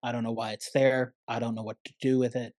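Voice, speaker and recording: A man's voice: medium pitch, flat delivery, quick pace, darkish tone, dry recording, clean studio sound. A man speaking as a therapist guest on a podcast, earnest and emphatic, often calling the listener "man". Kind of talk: conversational podcast interview.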